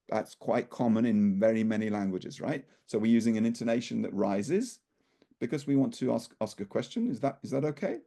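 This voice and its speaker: A man's voice: mid-range voice, vocal fry, dark tone. A man working as a speaking coach, explaining ideas thoughtfully, restarting phrases and leaning hard on stressed syllables. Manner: leans heavily on stressed syllables for emphasis. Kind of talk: conversational explanation.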